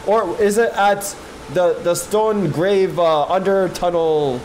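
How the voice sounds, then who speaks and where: A male streamer giving excitable live gameplay commentary, swearing and talking to his chat from his PC. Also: high voice, slow, slight background noise. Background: game music.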